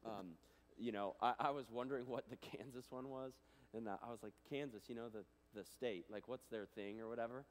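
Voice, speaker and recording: A man speaks to a school assembly at an ordinary mid pitch, animated and conversational, full of casual fillers. His delivery swings from loud bursts to near-hushed asides. The sound carries a long reverberant tail from a large hall. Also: fairly quick. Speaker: guest speaker. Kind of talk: chapel talk to students.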